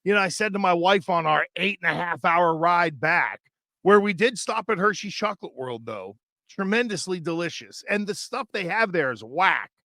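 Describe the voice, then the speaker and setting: A man's voice: high voice, expressive, moderate pace, sharp tone, no echo, clean studio sound. A middle-aged man hosting a sports podcast, rambling and chatty with many fillers and restarts. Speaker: sports radio host. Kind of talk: casual podcast chat.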